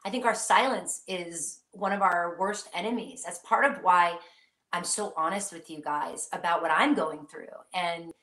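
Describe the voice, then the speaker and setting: A woman's voice: fairly low pitch, measured pace, a bit bright, roomy sound. A woman hosting a live psychic question-and-answer stream, speaking earnestly and reassuringly straight to her viewers.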